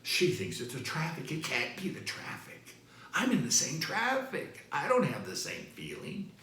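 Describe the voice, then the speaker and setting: A man's voice: a little high, huge pitch swings, moderate pace, sharp tone. A man giving a motivational talk, stressing and repeating his key phrases. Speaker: motivational speaker. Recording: roomy echo.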